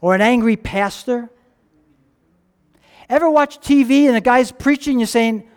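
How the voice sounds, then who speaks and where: A man's voice: extremely high pitch, measured pace, pauses often, clean tone. A man preaching a sermon, telling a story animatedly and asking the congregation questions. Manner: animated storytelling, acting out characters' lines. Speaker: pastor.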